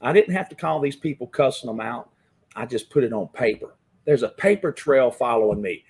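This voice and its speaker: A man's voice: mid-range voice, lively intonation, a little fast, darkish tone, slightly rough. A man in a casual chat, giving advice emphatically and often repeating words.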